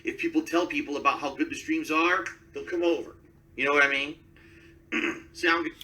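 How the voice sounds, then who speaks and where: A man's voice: on the high side, steady tone, moderate pace, bright, forceful tone, recorded from a distance, poor audio. A man streaming live and talking to his chat, defensive and self-promoting.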